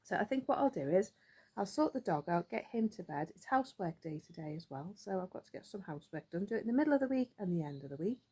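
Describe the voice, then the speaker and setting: A woman's voice: lowish voice, lively intonation, fast talker, mellow, slightly rough. A woman chatting casually to her vlog audience, rambling and thinking aloud as she goes. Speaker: vlogger. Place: outdoors in a yard.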